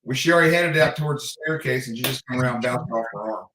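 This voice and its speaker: A man's voice: medium pitch, quick pace, sharp tone. A man, a paranormal investigator and podcast guest, talking in a blunt, easygoing, plain-spoken way. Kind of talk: casual podcast chat. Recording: echoey room.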